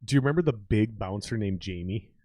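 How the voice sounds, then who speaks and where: A man's voice: on the low side, animated, a little fast, dark tone, no room sound. A man hosting a podcast, telling profane bar stories in casual chat and laughing often. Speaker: podcast host.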